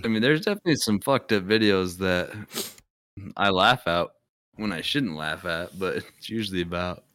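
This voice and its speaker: A very low-voiced man with a bright, forceful tone, trading dry, crude teasing in casual podcast talk. The sound is dry, with no room echo. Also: normal speed. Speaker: podcast co-host. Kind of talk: casual chat.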